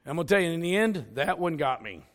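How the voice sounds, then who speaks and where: A man preaching a sermon full of stories and jokes, with an animated, jokey delivery. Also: a little high, fast. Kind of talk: storytelling sermon.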